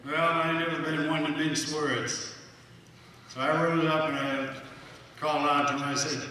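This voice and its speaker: A man's voice: fairly high pitch, flat delivery, a little slow, bright, forceful tone, a little hiss or hum. A man playing a folksy Texan shrimper. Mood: plainspoken. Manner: folksy drawl, plainspoken. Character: blunt loyal middle-aged Texan shrimper. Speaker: stage actor. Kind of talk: live stage monologue. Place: café stage. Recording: echoey hall, mic far off.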